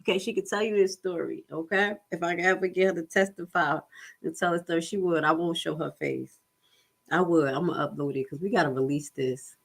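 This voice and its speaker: A woman's voice: fairly low pitch, fairly quick. A middle-aged woman telling a personal story on a casual livestream, swearing freely and acting out the voices of other people.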